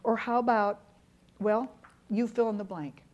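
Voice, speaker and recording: A middle-aged woman teaches a church class in an earnest, storytelling way. She repeats key words to drive her points home. Her pitch sits in an ordinary middle range. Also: steady tone, a little slow, darkish tone, dull audio. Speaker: Bible teacher.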